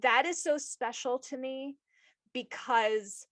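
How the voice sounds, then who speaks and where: A woman's voice: sits high, slow, a bit bright. A woman hosting a podcast, chatting casually in an effusive, openly emotional way. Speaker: podcast host. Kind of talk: casual interview chat.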